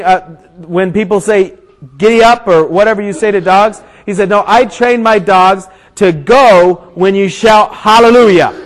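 A man preaching to a crowd, praying and then telling a funny story before a Bible passage, growing animated and shouting at the climax. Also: high-pitched, rough recording. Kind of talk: storytelling sermon.

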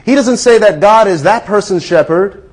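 A man preaching a sermon, earnest, leading the listeners in repeating lines and slowing down to stress key words. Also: high voice, lively intonation.

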